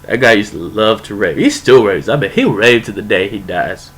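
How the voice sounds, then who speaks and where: A man's voice: on the low side, animated, moderate pace, fairly bright tone, low-quality recording. A young man casually telling a rambling, profane story, full of "like" and "you know".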